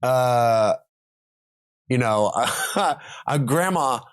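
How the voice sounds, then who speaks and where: A man co-hosting a comedy podcast, riffing on absurd jokes in animated banter. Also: medium pitch, moderate pace. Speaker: podcast co-host. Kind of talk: comedic casual chat.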